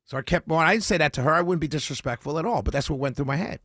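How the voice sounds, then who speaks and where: A man's voice: fairly high pitch, very fast, a bit bright, no room sound, clean studio sound. A man who hosts a radio talk show, casually telling a story and quoting each person he spoke with. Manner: recounts conversations, quoting each person in turn.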